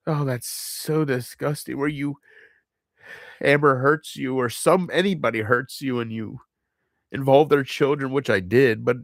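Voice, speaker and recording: A man speaking in an unscripted confessional monologue to his viewers, halting and heavy, often restarting and trailing off. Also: medium pitch, no echo, clean studio sound. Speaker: channel host.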